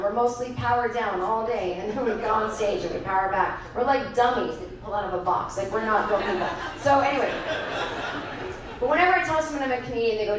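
A woman performing a profane, wry stand-up comedy set on a club stage, acting out the people in her stories. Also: medium pitch. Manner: profane, wry, acts out other people's voices. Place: comedy club stage before a live audience. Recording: echoey live club, mic far off, crowd noise. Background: audience laughter.

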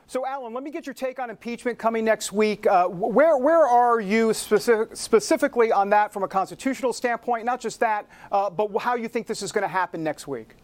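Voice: medium pitch, a little fast, few pauses. Chatty, jokey political talk show host. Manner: chatty, jokey and opinionated, with asides to the audience.

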